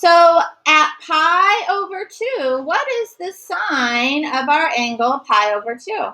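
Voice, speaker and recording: A woman's voice: sits high, expressive, slow pace, bright, forceful tone, rough recording. A woman teaching a math lesson to a class, encouraging and sometimes singing short note patterns. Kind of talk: classroom lecture.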